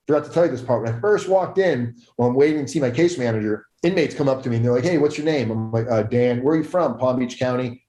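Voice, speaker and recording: This young adult man has a warm, mid-range voice. As a podcast guest he spins a casual story full of swearing, voicing the other characters himself, and the space around him echoes.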